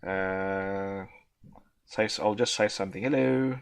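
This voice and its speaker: A man's voice: deep voice, a little slow, gravelly, smooth. A man chatting casually while testing his streaming setup, rambling with many restarts. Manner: rambling, stammering, self-correcting. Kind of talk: casual chat.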